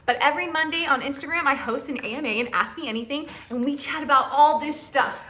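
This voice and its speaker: A woman's voice: high-pitched, fast talker, pushed and bright. A woman in her thirties telling a personal story in a chatty, candid way, laughing often and reassuring viewers. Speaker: mom vlogger. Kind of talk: casual personal storytelling to camera. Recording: echoey room.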